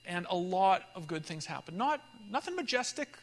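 A man leading a church group, telling a story in a lively conversational way and acting out the voices of people in it. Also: high-pitched, normal speed, vocal fry, in a large hall. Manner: animated storyteller, acts out dialogue, laughs often. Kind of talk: conversational teaching talk with storytelling.

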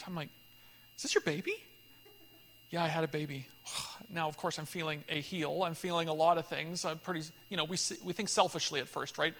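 High, gravelly man telling stories in a hall. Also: a little hiss or hum. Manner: animated storyteller, acts out dialogue, laughs often. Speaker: pastor leading a church group. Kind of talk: conversational teaching talk with storytelling.

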